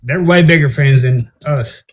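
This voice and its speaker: A man's voice: mid-range voice, unhurried, crowd noise. A man hosting a live political panel, brash and crude, teasing the others and laughing at his own jokes. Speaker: panel host. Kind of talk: casual live panel banter. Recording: muffled live-stream audio with faint hiss.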